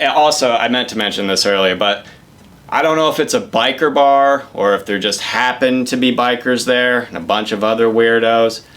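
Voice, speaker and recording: A man's voice: on the low side, a bit bright. A young man telling a rambling, profane story in a casual comedic way.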